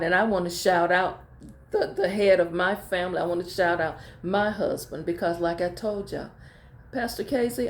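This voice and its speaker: In a fairly low, gravelly voice with a roomy sound, a middle-aged woman pastor chats personally with her viewers. Her heartfelt stories come out in colloquial, informally structured speech, with phrases repeated for emphasis.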